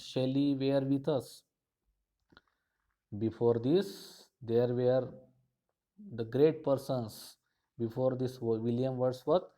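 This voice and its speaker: Slow, mellow-voiced teacher. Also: male voice, mid-range voice, rough recording. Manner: slow, repetitive explanation with frequent restatements. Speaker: college English teacher. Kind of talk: explaining a poem line by line.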